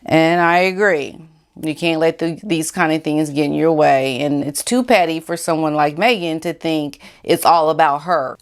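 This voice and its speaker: A woman with a lowish voice and talks bluntly and with sass. She gives her opinions in a vlog, casual and outspoken. She jumps higher when she mocks other people. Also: gravelly. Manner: blunt, sassy, voice jumping high in mock quotes. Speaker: vlogger.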